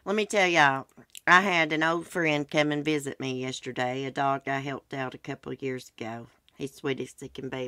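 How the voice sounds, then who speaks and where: Brief: middle-aged woman, low voice, chatty storyteller hosting her own channel. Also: a bit bright, no echo. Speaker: channel host. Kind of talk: casual chat.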